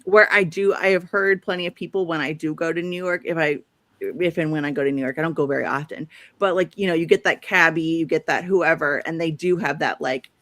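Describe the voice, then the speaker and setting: A woman's voice: sits low, fairly even intonation, brisk, a bit bright, no room sound. A woman from St. Louis with a St. Louis accent, hosting a livestream, chatting casually and reading viewer comments aloud. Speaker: livestream host. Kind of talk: casual chat.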